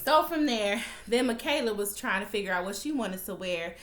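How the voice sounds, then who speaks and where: Young woman host, bright and forceful, animated recap chat full of cussing, in an echoey home room. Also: medium pitch, moderate pace. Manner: animated, swearing, talks to viewers as y'all. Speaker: TV recap vlogger. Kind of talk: emotional casual recap.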